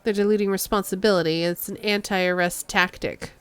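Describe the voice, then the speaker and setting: A woman voicing a calm, calculating female spokeswoman in a video game reading, speaking in a slow and deliberate way. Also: mid-range voice, clean tone, lightly acted. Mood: composed.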